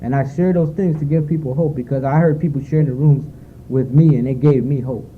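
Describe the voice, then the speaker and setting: A man's voice: mid-range voice, fairly even intonation, a little fast. Man giving a rambling, heartfelt recovery testimony on a tinny, faintly hissy tape. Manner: rambling, heartfelt, full of fillers. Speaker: speaker sharing at a recovery meeting. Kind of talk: personal testimony at a recovery meeting. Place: meeting room at a retreat. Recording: phone-like lo-fi tape with faint noise.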